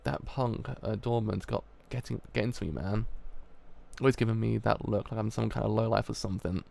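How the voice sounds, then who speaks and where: A man's voice: lowish voice, steady tone, a little fast, creaky, a little mellow. A man reading aloud as a cocky, boastful male street thug, grumbling and swaggering.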